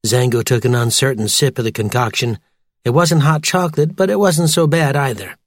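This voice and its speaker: A man narrating a children's audiobook in a lively, expressive way. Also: medium pitch, a little fast, no echo, clean studio sound. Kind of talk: scripted narration.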